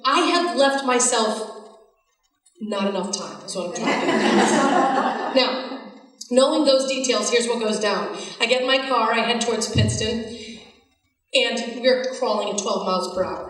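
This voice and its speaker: A woman keynote speaker spins a lively, self-mocking story and acts out every bit of dialogue. Her voice sits a little high. The sound reaches the mic from far off in a big room, with a long, heavy echo. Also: a little slow. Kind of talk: storytelling talk to an audience. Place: large hall with audience. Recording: echoey hall from far off.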